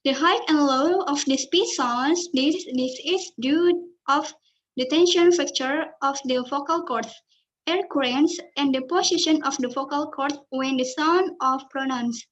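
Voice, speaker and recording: High-voiced woman reading slides. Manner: careful, halting reading with restarts. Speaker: student presenter. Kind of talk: reading a class presentation. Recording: dull lo-fi recording.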